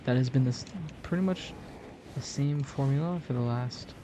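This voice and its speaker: A man's voice: medium pitch, normal speed, background noise. A young man giving jokey, rambling commentary over a game he is playing. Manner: rambling, jokey, self-mocking. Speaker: gaming video host. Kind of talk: casual gameplay commentary.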